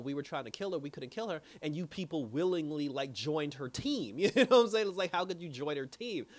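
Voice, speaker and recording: A man casually recapping a TV episode in an animated way, laughing often and acting out the characters' lines. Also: on the high side. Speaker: TV episode reviewer.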